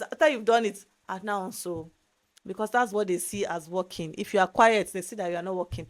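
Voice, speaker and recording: A young adult woman from Nigeria with a Nigerian accent, giving animated, emphatic advice in a casual vlog monologue. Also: medium pitch, fast talker. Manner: animated, emphatic, repeats words for stress. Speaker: vlogger.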